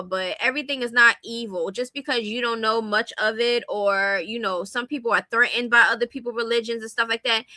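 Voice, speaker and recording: A young woman streamer offers casual commentary on celebrity gossip, speaking bluntly and directly to her viewers with strong opinions. Her voice is high and very bright, recorded close on the mic in a dry room with no echo.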